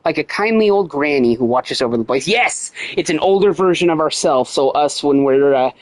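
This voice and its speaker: A man's voice: on the high side, expressive, moderate pace, dry recording, rough recording. A man livestreaming a video game, swearing and joking sarcastically as he reads the game's dialogue aloud in his own voice. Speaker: gaming livestreamer. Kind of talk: casual gameplay commentary.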